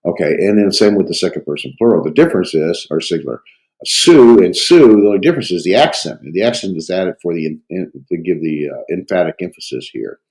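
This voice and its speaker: A man with a cold teaching a Greek grammar review, talking haltingly with many fillers and thinking aloud. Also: low voice, animated, a little mellow, low-quality recording. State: has a cold. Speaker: Greek instructor.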